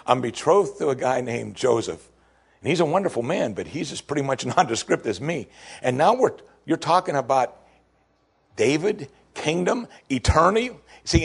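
A man preaching a sermon, emphatic and animated, acting out quoted lines from the scripture. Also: mid-range voice, husky. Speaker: pastor.

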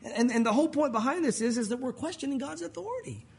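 A man preaching a sermon as pastor to his congregation, lively and conversational, acting out the voices of people he quotes. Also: very high voice, fast talker, creaky, breathy edge.

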